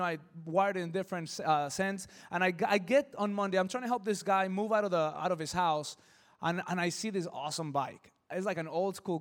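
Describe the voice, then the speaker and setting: A pastor telling a personal story in a sermon, lively, acting out the voices in it. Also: male voice, high-pitched, long reverb tail. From Southern California. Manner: animated, acts out voices in his stories. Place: church hall.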